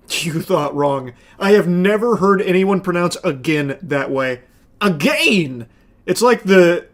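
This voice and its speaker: Sarcastic high-voiced male streamer ranting. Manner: sarcastic, exasperated, swears often. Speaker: streamer reacting to a clip. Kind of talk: casual reaction commentary.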